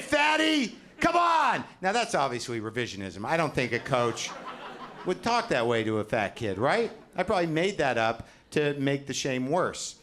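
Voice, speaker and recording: A man's voice: medium pitch, fairly bright tone. An older man doing a self-deprecating stand-up routine on a comedy stage, talking conversationally into a handheld mic. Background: audience laughter.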